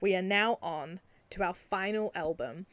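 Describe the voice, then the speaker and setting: A young woman with a New Zealand accent, chatting excitedly in a casual video, gushing and often laughing. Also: on the low side, measured pace, no echo. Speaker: video creator. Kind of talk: casual enthusiastic video commentary.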